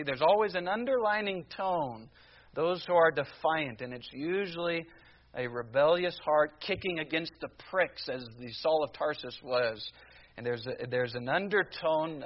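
Man, preacher, sermon, slow deliberate delivery, rhetorical questions, fairly high voice, muffled lo-fi sound. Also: animated. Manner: emphatic, rhetorical questions, slows down on key phrases.

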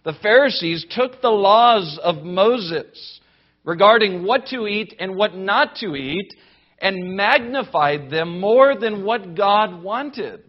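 A man preaching a sermon in an emphatic, deliberate way, building points through rhetorical lists. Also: high voice, animated, lo-fi sound. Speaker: pastor.

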